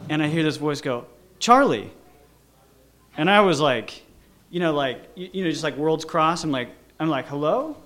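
A man's voice: a little high, a little fast, a bit bright. A man casually telling a personal story, rambling with lots of fillers and restarts. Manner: rambling, full of "like" and "you know" with frequent restarts.

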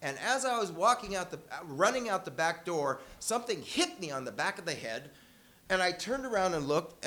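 High and sharp, an older man's voice carries a personal story told live before an audience. He keeps it conversational and wry, fixing his words as he goes.

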